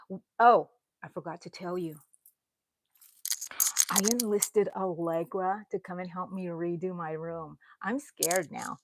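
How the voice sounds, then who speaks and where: A woman's voice: lowish voice, no echo. A middle-aged woman chatting casually on a live stream as she tours her small craft room at home, rambling from one item to the next. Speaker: crochet vlogger.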